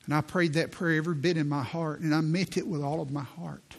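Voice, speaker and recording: A man in his sixties, a pastor preaching a sermon in a church, telling stories in an earnest way and slowing down for quoted prayers. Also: fairly high pitch, fairly even intonation, creaky, breathy edge. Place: church sanctuary.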